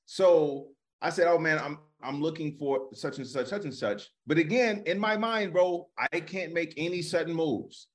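A man co-hosting a comedy podcast, telling a story in a relaxed, rambling, casual way. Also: a little high, moderate pace, few pauses. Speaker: comedian co-host.

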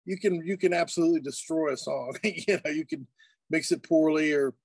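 Give me a man talking casually as an interview guest, easygoing, with a fairly high voice and a dry sound. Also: a little fast, vocal fry, slightly rough, dry recording. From United States. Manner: relaxed, chatty, laughs easily, many fillers and restarts. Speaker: guest music producer and mix engineer. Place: studio.

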